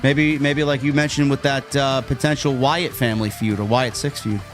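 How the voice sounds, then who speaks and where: A man's voice: medium pitch, steady tone, normal speed, faint music behind. A man co-hosting a casual talk show, reading out viewer messages and jokes in a laid-back way. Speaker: podcast co-host reading super chats. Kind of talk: casual chat.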